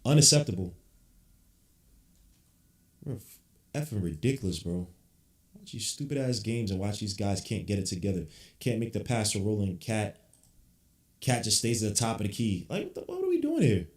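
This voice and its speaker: A man's voice: fairly low pitch, moderate pace, pauses often. Guy ranting about his team on a podcast, blunt and swearing, echoey room. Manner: blunt, frustrated fan ranting, swears casually. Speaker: podcast host. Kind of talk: live game watch-along reaction. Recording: roomy echo.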